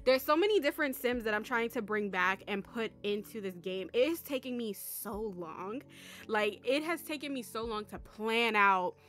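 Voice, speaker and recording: A young woman vlogging casually about a life-simulation game, excitable and rambling, with lots of fillers. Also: a little high, moderate pace. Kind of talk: casual chat.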